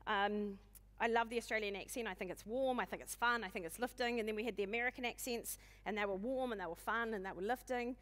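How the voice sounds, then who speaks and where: A woman in her forties with a New Zealand accent, giving a humorous, self-deprecating keynote talk in a loud, booming voice and speaking fast. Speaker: conference speaker. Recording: long hall reverb.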